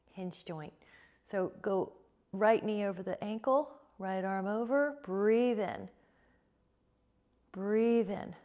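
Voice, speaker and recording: Woman guiding a yoga class. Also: mid-range voice. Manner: calm, encouraging cueing with repeated breath prompts. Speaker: yoga instructor. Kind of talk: guided yoga class instruction.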